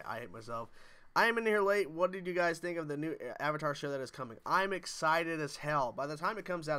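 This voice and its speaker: Young guy chatting on a livestream, reading comments, bright lively voice. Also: a little high. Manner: animated, jokey, reads viewer comments aloud. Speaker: livestream host.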